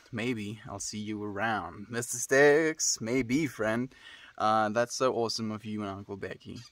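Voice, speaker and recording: A man's voice: mid-range voice, fairly bright tone, no room sound. Laid-back man streamer, dry sound. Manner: laid-back, calls people dude and friend. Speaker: livestreamer. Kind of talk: casual chat reading viewer messages.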